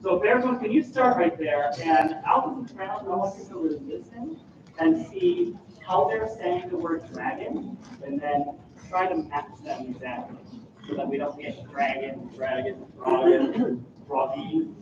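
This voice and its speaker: A man leads a school choir rehearsal, saying words aloud to show the shape. His voice is high and lively. It is picked up from across a boomy room on a dull, noisy recording. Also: moderate pace. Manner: animated, demonstrates words by speaking them. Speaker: choir clinician. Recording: echoey room, far from mic, dull, noisy.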